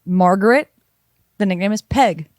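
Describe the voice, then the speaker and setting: A woman's voice: medium pitch, moderate pace, darkish tone, no echo, studio quality. Playful woman podcast co-host. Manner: playful and silly. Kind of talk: casual chat.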